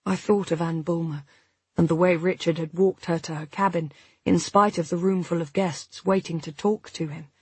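A woman narrating a first-person novel, reading at a measured pace and voicing the dialogue. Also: fairly low pitch, fairly even intonation, darkish tone, slightly rough, no echo. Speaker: audiobook narrator.

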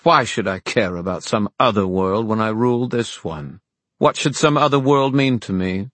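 A man's voice: lowish voice, moderate pace, a bit bright, no echo, voice pushed up, close to an everyday voice. A man reading an audiobook, voicing an arrogant, ruthless young male villain in a sneering, commanding tone. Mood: bored.

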